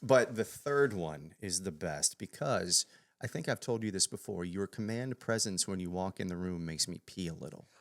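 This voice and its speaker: Deep-voiced joking male co-host. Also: expressive, moderate pace. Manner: joking, teasing banter. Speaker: podcast co-host. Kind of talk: casual interview chat.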